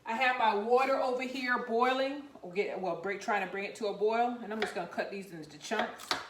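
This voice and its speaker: A woman chatting her way through a home cooking vlog, rambling and laughing, with loud whoops now and then. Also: mid-range voice, roomy sound, background noise. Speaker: home cook and vlogger. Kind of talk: casual cooking vlog chat. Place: home kitchen.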